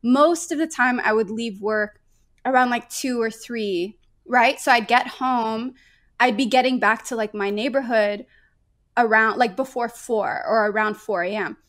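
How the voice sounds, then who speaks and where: A young adult woman with a slightly high voice, chatting as a podcast guest. She talks in a loose, animated way and laughs often. She swears casually as she goes. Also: a little slow. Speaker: painter guest.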